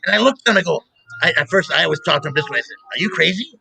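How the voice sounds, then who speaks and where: A middle-aged man hosting a casual chat show, telling animated stories and laughing often. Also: a little high, racing, gravelly, a little hiss or hum, rough recording. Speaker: show host. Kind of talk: casual radio-style chat.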